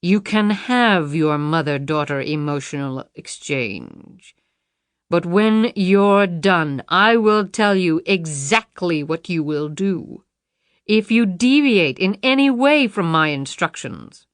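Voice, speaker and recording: A woman reading an audiobook, voicing a male kidnapper villain who talks slowly and pleasantly with mocking menace. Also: low voice, lively intonation, a bit bright, no room sound. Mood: threatening. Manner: pleasant, slow, taunting menace.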